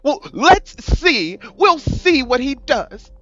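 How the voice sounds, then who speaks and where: A man doing a mocking, exaggerated impression of a woman official, slow and sing-song. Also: very high-pitched, very animated, sharp tone, no echo, highs cut off, faint music behind, pitched above the performer's own voice, exaggerated voice. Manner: exaggerated, stretched-out mimicry.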